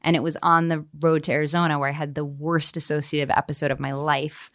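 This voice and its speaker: Woman author guest, very low voice, dry close mic, candid and self-mocking. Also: flat delivery, fast, no echo. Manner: open and self-mocking, laughing mid-sentence. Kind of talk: candid podcast conversation.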